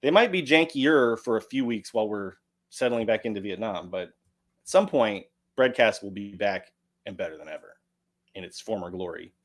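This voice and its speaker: American guy hosting a stream, chatty and jokey, pitch bouncing around a lot. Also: normal speed. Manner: lively, joking, chatty. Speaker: livestream host. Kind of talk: casual chat, reading donations.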